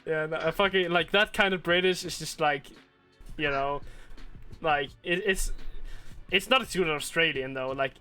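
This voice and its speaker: Guy hosting a podcast, bright sharp voice, rambles with tons of likes and swears a lot. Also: on the high side, normal speed, clear, resonant tone, soft background music. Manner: rambling, filler-heavy, crude and joking. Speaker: podcast host. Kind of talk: casual chat.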